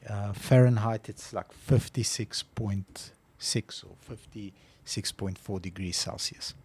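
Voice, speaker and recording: A man co-hosting a casual podcast, telling a story with lively acted-out phone calls. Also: fairly low pitch, takes it slowly, slightly rough. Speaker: podcast co-host.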